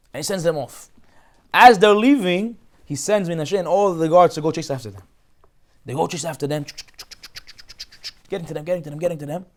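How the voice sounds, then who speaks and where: Rabbi guy telling a bible story super fast, somewhat high voice, animated. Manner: animated, rapid storytelling with restarts. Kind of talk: Torah class storytelling.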